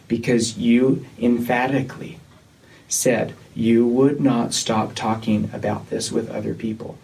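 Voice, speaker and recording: A man leading a church disciplinary meeting, talking in a measured, insistent way that often repeats itself. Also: mid-range voice, vocal fry, a little mellow. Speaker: church leader. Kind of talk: tense meeting conversation. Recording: distant mic with faint noise.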